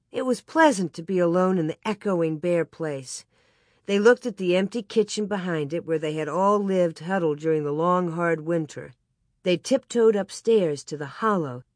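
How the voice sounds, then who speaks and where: Calm audiobook narrator, dry close sound. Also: medium pitch, dry recording. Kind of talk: storybook narration.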